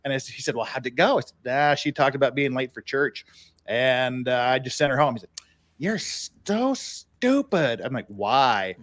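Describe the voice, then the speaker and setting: A man's voice: mid-range voice, fairly even intonation, fairly quick, fairly bright tone, dry recording. A man hosting a podcast, telling rambling anecdotes in a casual, easy-laughing way. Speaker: podcast host.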